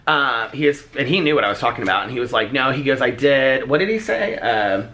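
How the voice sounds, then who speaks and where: A man's voice: mid-range voice, brisk, a little hiss or hum. Chatty man telling a story. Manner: chatty, animated, acts out dialogue in quotes. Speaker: vlogger. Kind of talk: casual storytelling vlog.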